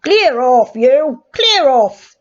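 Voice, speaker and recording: A woman's voice: on the high side, animated, normal speed, gravelly, lo-fi sound, full character voice. An older woman reading aloud, voicing a bossy village policeman who barks orders. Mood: barking. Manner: barking orders.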